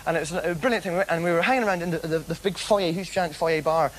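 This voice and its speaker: Manic rambling comedian. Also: male voice, a little high, quick pace, a little hiss or hum. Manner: manic, giggly, rambling with many restarts. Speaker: comedian host. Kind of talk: rambling stand-up storytelling.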